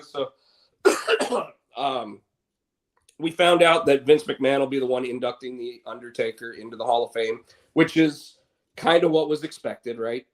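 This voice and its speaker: A man's voice: medium pitch, measured pace. A man co-hosting a podcast, chatting casually and rambling with many restarts. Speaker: podcast co-host. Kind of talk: casual chat.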